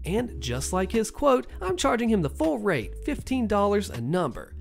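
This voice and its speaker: A narrator telling a first-person workplace revenge story in a sardonic, animated way. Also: mid-range voice, creaky.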